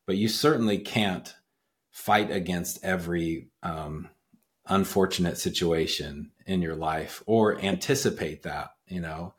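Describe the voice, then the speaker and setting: A man hosting a podcast, telling a parable in a relaxed, reflective way with many pauses and fillers. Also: low voice. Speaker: podcast host. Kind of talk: casual conversation.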